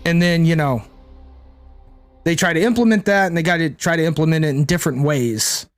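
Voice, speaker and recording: A man's voice: on the high side, brisk, clean tone, faint music behind. A man streaming a card game, rambling and thinking aloud to his chat, swearing casually. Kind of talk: casual gameplay commentary to chat.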